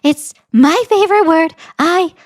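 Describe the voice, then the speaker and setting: A woman doing a high-pitched impression of a male politician, copying his bragging cadence. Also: measured pace, no room sound, clean studio sound. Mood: mocking.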